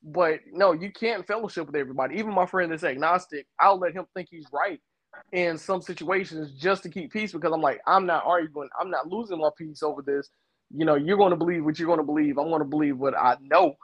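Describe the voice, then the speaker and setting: A man's voice: on the high side, fairly quick, dry recording. A middle-aged man co-hosting a casual faith talk, explaining with personal stories and everyday examples. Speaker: co-host.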